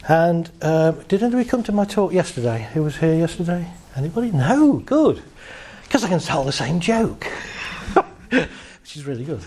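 A man's voice: on the high side, normal speed. A man giving a playful live motivational talk to an audience, telling jokes and stories. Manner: playful, joking, animated storytelling. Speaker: motivational speaker.

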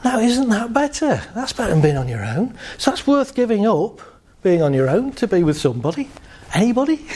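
Lively high-voiced man speaking. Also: fairly quick, few pauses. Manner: animated, jokey, shifts pace and voice for effect. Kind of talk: humorous talk to a live audience.

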